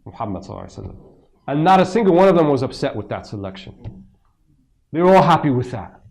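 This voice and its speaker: Conversational male religious teacher, mid pitch. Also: very animated, fast talker, gravelly, long pauses, a little mellow. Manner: conversational, rhetorical questions, acts out quoted speech. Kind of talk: lecture commentary to a seminar audience. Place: mosque.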